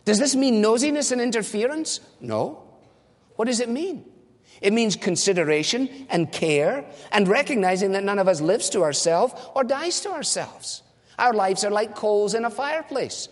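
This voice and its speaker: A man delivers a sermon as a pastor, earnest and direct, posing questions and answering them himself. His voice sits high for a man. The sound hangs in a long, reverberant hall. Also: expressive, normal speed. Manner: earnest preaching with rhetorical questions.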